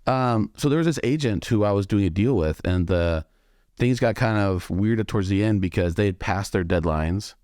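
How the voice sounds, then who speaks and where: A man hosting a casual interview, joking and telling stories in an animated way. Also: on the low side, normal speed, no room sound, clean studio sound. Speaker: podcast host.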